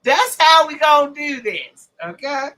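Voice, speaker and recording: A woman hosting a podcast, chatting loudly with lots of laughter and profanity. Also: sits high, lively intonation, unhurried, rough recording. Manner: loud, laughing, profane banter. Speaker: podcast host. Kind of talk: casual chat.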